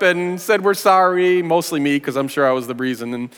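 A man's voice: on the high side, moderate pace, fairly bright tone, smooth. A man in his forties, a pastor, telling a personal testimony in an earnest, conversational way with casual slang, in a church sanctuary. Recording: long reverb of a large hall.

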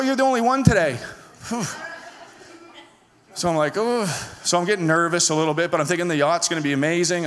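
Guy preacher telling a story, voice sits high, lots of reverb from the hall. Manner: animated, acts out his own lines in a higher voice. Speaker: pastor. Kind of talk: sermon storytelling.

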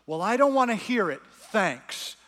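A young boy stands his ground and fires back indignant questions, read aloud by a man. The voice sits slightly high, and a long reverb of a big hall hangs behind it. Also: sing-song, measured pace, a bit bright, heavily acted. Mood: defiant.

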